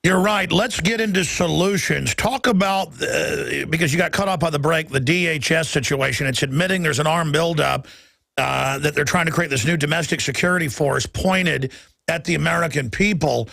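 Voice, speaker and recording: A man hosting a talk radio show, talking fast and stumbling over repeated words as he lines up topics with a guest. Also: a little high, creaky, bright, forceful tone, dry recording. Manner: rapid, restarts with repeated words.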